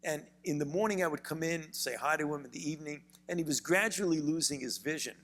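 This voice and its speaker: An older American physician and author with a Brooklyn, New York accent tells stories in a measured way as a guest in an onstage interview, often repeating words. His voice is a little high and a bit bright, echoing in a large university event hall.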